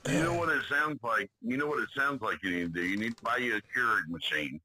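Bright-voiced joking podcast co-host, man. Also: medium pitch, expressive, quick pace, low-quality recording. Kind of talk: casual podcast chat.

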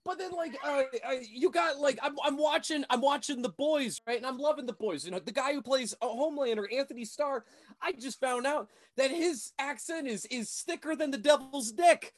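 A man's voice: very high voice, moderate pace. A man co-hosting a casual podcast, going on mock rants full of crude jokes and cursing. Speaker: podcast co-host.

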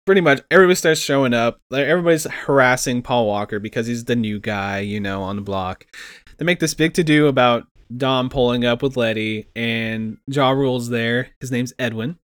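A man's voice: mid-range voice, a little fast, smooth, no echo. Young man recapping a movie, laughing. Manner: laughing, animated retelling with acted quotes. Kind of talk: casual movie recap chat.

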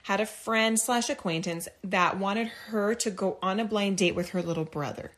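A woman's voice: medium pitch, moderate pace. A woman co-hosting a casual chat show, reading listener stories aloud and often breaking into giggles. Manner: giggly, animated storytelling. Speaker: podcast co-host.

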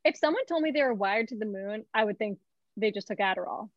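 A woman's voice: mid-range voice, expressive, quick pace, dry recording. Laid-back woman, muffled sound. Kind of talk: casual chat.

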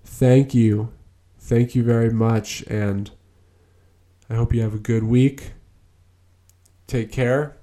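A man's voice: mid-range voice, steady tone, slow, pauses often, warm tone. A young man hosting his own podcast, telling stories in a laid-back, rambling way with lots of fillers. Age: young adult. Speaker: podcast host. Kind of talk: casual solo podcast storytelling.

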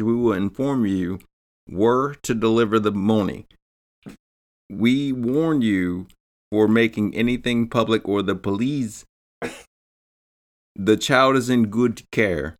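A man hosting a podcast, telling a true-crime story in a casual, profane way. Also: on the low side. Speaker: podcast host.

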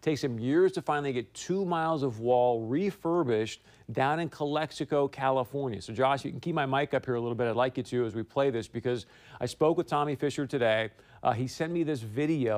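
Guy hosting a political talk show in a studio, middle pitch, emphatic and opinionated, pushes up higher when he makes a point. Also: fast, a little mellow. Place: broadcast studio. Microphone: studio mic.

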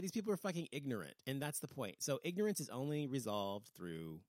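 A man's voice: on the high side, very animated, fast, few pauses, a little mellow, no echo. A middle-aged man from the United States hosting a podcast, ranting bluntly and with plenty of profanity in casual, opinionated chat. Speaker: podcast host.

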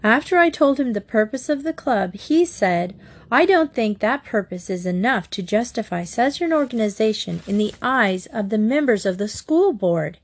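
A woman voicing an excitable teenage girl who speaks in a breathless, urgent and emphatic way. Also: fairly high pitch, normal speed.

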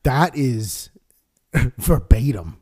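Animated, profane man telling a story. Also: medium pitch, extremely slow, breathy edge. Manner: animated storyteller, swears a lot, acts out yelling characters. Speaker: podcast co-host. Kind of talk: casual chat.

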